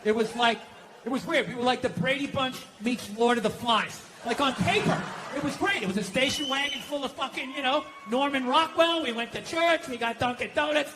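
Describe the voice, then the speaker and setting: A man doing profane, exasperated stand-up comedy, ranting and acting out shouted confrontations. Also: very high voice, brisk, noisy background. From United States.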